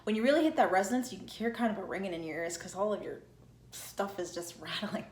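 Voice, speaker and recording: A woman's voice: mid-range voice, lively intonation, quick pace, darkish tone, reverberant. A woman teaching an online singing lesson, explaining plainly, checking in often with "okay?" and singing short demonstration notes. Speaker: singing coach.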